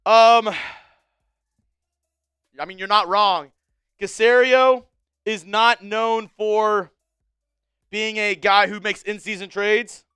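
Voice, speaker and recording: Male sports stream host, young, smooth and bright voice, casual, opinionated fan energy. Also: sits high, slow, pauses often, no room sound, clean studio sound, soft background music. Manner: casual, animated fan-style ranting. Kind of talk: live-stream sports talk.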